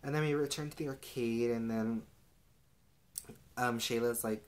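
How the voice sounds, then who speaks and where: A man's voice: mid-range voice, steady tone, measured pace. A young man casually recapping a TV episode in a sassy, gossipy way, saying "like" constantly. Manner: sassy, gossipy, heavy use of "like". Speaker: TV recap vlogger.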